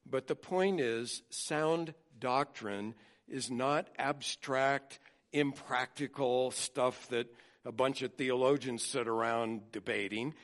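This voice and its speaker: A male pastor delivering a sermon in a mid-range voice. He reads scripture slowly and deliberately, then swings between loud emphasis and quiet asides. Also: medium pitch. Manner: expressive preaching, slows down to read scripture; emphatic, rising loud on key points and dropping soft.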